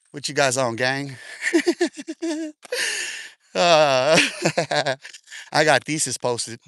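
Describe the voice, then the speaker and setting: A man talks to his livestream while walking outdoors, audibly short of breath from the exercise. His voice sits high and sounds sharp and bright, with a dry, close sound. He teases and needles viewers in loose slang, breaking into laughter again and again. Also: no room sound. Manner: taunting, slangy, laughs often. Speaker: livestream host. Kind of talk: casual live stream talk while walking.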